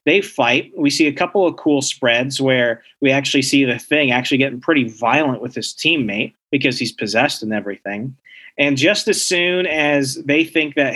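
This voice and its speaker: A man co-hosting a podcast, casually recapping a comic book story with lively storytelling and quick bits of acting out the characters. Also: medium pitch. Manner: animated storytelling, acts out characters' lines. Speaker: podcast co-host.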